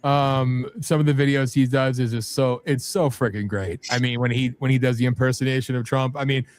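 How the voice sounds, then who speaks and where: A man's voice: mid-range voice, fairly even intonation, a little fast, darkish tone, clear, resonant tone. A man from New Jersey co-hosting a talk radio show, joking bluntly and laughing often. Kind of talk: casual political talk radio banter.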